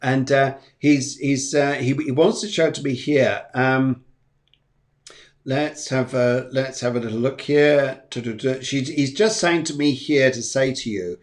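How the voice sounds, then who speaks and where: A man's voice: mid-range voice, a little slow. Rambling, repetitive man giving live psychic readings. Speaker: psychic medium. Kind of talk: live-streamed mediumship readings.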